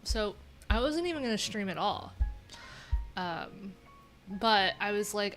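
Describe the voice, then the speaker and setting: A woman's voice: mid-range voice, expressive, takes it slowly, a bit bright, soft background music. A woman from New York with a nasal voice, chatting candidly and rambling on a casual livestream from a room at home.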